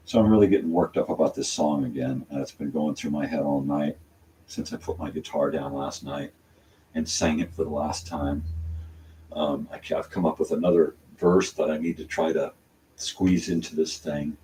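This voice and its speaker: An older man with a very low voice wanders through a casual, rambling monologue, stopping and restarting his thoughts. He sits some distance from the mic, and a faint hiss of room noise sits under his voice. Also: steady tone, moderate pace. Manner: meandering, talks through his songwriting with many fillers and restarts. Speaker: channel host.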